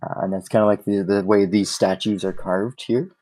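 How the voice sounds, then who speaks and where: A man's voice: lowish voice, fairly even intonation, normal speed, mellow, no room sound, poor audio. A man narrating as game master for a tabletop game, rambling with lots of fillers as he describes the scene.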